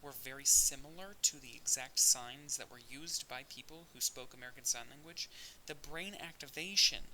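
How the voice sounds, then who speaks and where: A man's voice: medium pitch, moderate pace, bright, forceful tone, poor audio. A man recording an audio lecture, explaining step by step with occasional restarts. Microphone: audio-only recording. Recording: faint hiss.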